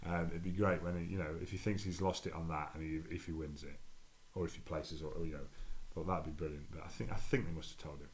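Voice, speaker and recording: A man's voice: low voice, fast talker, hardly any pauses, a little hiss or hum. A man co-hosting a podcast, telling stories casually and acting out the other people's voices as he goes. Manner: animated storyteller acting out quoted voices, chuckling. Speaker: podcast co-host and tournament organizer. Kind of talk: casual storytelling chat.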